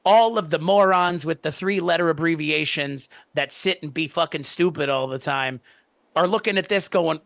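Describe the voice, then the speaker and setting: A man co-hosting a podcast, reviewing a TV episode in animated, profane casual chat. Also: a little high, normal speed, gravelly, no room sound. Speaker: podcast co-host.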